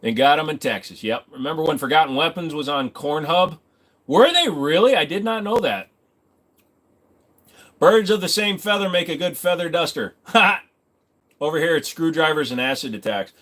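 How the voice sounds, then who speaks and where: A man's voice: a little high, lively intonation, normal speed, fairly bright tone. Rambling, joking streamer guy. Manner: rambling, joking, swears freely. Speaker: livestream host. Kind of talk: casual livestream chat. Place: home computer desk.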